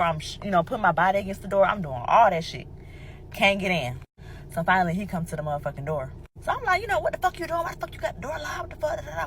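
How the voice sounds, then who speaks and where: A woman with a lowish voice tells her story straight to her listeners as if they were friends. She is emphatic and animated, swears a lot, and keeps calling them y'all. Faint background hiss sits under her voice. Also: low-quality recording. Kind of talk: casual storytime monologue.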